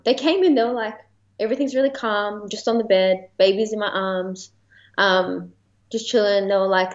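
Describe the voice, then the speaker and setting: A woman's voice: medium pitch, lo-fi sound. An Australian woman telling a personal story as a podcast guest in a chatty way, full of fillers and light laughter.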